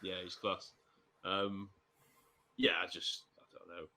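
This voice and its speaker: A man chatting casually about a film on a podcast, enthusiastic and animated. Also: sits low, slow pace. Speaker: podcast guest.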